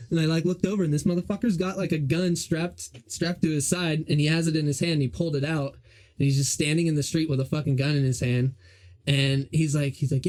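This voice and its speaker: A man's voice: a little high, brisk, darkish tone. A young man hosting a podcast, telling a story in a rambling, profane, casual way. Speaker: podcast host. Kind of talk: casual chat.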